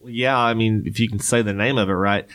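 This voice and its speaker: A man's voice: lowish voice, fairly even intonation, brisk, a bit bright. A man, co-hosting a casual chat in which he reads odd news stories with joking, rambling asides and frequent laughs. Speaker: podcast co-host.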